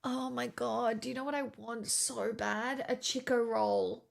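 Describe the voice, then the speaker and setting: Australian woman, livestreamer, creaky and gravelly, loose casual delivery with frequent swearing. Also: on the high side, steady tone, measured pace. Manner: chatty, rambling, swears freely. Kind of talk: casual streaming chat.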